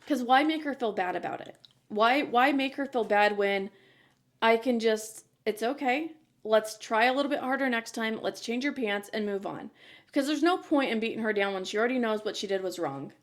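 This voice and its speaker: A woman's voice: a little high, lively intonation, moderate pace. A woman in her thirties hosting a podcast, talking candidly and earnestly in a casual chat. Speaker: podcast host.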